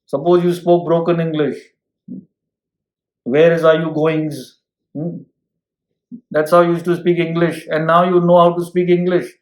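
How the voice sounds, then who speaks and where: A man's voice: a little high, level tone, normal speed, echoey room, low-quality recording. A man giving a lecture on scripture, explaining with everyday examples and often checking with listeners. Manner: explains with homely examples and asks listeners "hmm?". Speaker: spiritual teacher.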